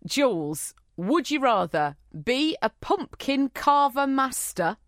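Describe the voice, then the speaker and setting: A young woman co-hosting a comedic podcast, giggly and easily amused as she reads odd news items. Her voice sits a little high and moves a lot in pitch, recorded close and dry. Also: sing-song, slow pace, fairly bright tone, dry recording. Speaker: podcast co-host. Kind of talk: casual comedic chat.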